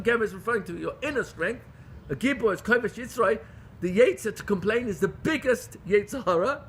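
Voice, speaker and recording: A man's voice: high-pitched, lively intonation, fairly quick. A man teaching a Torah class in English, speaking with pleading intensity, restarting phrases often and mixing in Hebrew terms. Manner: impassioned, pleading, with frequent restarts.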